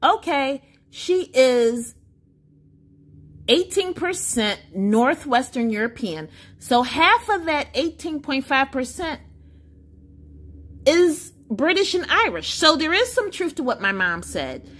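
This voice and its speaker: A woman's voice: high voice, big pitch swings, slow pace, a bit bright. A woman vlogger chatting casually to camera, reading results aloud with asides.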